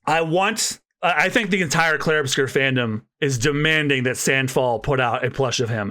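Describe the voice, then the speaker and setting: A man's voice: mid-range voice, moderate pace, few pauses, loud music behind the voice. A man co-hosting a podcast, talking enthusiastically in casual chat with many fillers. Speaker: podcast co-host.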